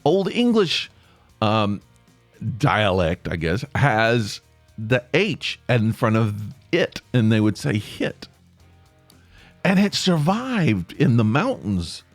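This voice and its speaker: An Appalachian man talks through his thoughts on his own podcast, chuckling and correcting himself as he goes. His voice sits low but rises and falls a great deal. The sound is dry and close, with faint music underneath. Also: very animated, takes it slowly, no room sound. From East Tennessee. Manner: rambling, self-correcting, chuckles often. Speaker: podcast host. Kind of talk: casual monologue.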